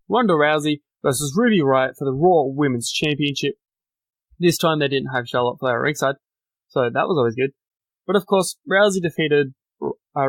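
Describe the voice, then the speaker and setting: Man, chatty podcast recap, fairly high voice, dry close sound, opinionated asides. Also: dry recording. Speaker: podcast host. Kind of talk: solo wrestling recap podcast.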